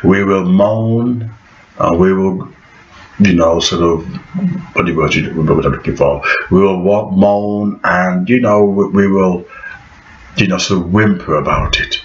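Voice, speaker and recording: A man's voice: low voice, measured pace. A man vlogging in a preachy, prophetic monologue, repeating phrases for emphasis. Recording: echoey room, dull lo-fi sound.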